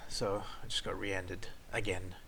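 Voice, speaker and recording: A man telling a story as a vlogger, swearing a lot and swinging between loud outbursts and low mutters. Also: flat delivery, moderate pace, gravelly, slight background noise. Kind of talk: casual storytelling rant.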